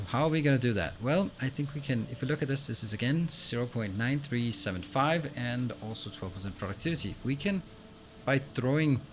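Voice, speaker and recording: A man hosting a let's play, explaining what he does as he plays and filling pauses with frequent ums and uhs. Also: mid-range voice, expressive, slight background noise. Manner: explains while playing, with frequent fillers. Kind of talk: gameplay commentary.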